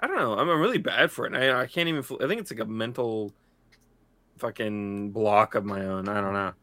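A man co-hosting a podcast in animated casual chat, swearing freely and stumbling over his restarts. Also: fairly low pitch, a little fast, dry recording. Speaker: podcast co-host.

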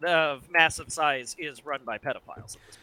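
Bright, blunt podcast guy. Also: fairly high pitch, a little fast, smooth, no echo, poor audio. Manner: blunt, swearing, hedging asides. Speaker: podcast co-host. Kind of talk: casual chat.

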